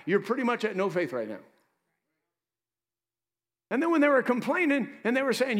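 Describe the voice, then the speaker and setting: A pastor preaches in a high, lively voice that rises and falls. His sermon rings out with a long reverb through a church hall. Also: a little fast, long pauses. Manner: lively preaching with asides to the congregation.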